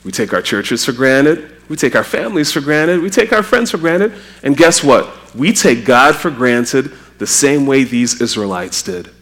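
A man from Trinidad preaching a sermon, animated and acting out quotes with a raised voice. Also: mid-range voice, normal speed, few pauses.

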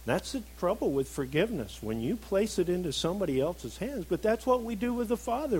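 Earnest male preacher, slightly raised pitch. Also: very animated, brisk, few pauses, breathy edge, low-quality recording. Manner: earnest, swings between emphatic and soft, reflective. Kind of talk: sermon.

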